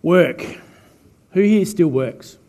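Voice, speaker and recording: A man's voice: a little high, expressive, slow, warm tone. A man preaching a chatty, joking sermon as pastor. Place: church hall. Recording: reverberant church hall.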